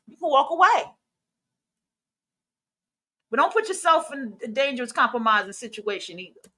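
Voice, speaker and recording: A woman's voice: high-pitched, sing-song, moderate pace, pauses often, bright, forceful tone. A woman podcast host in a casual rant, blunt, profane and emphatic, drilling lines at her listeners.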